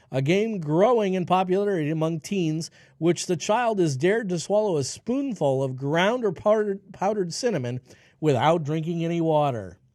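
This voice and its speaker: A fairly high-voiced man in his forties hosts a solo health talk show, his pitch swinging widely as he reads out headlines and then breaks into sarcastic rants. The sound is dry and close, with no room around it. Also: darkish tone, no echo. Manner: ranting, sarcastic asides between read-out headlines. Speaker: radio health show host. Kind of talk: solo health news commentary.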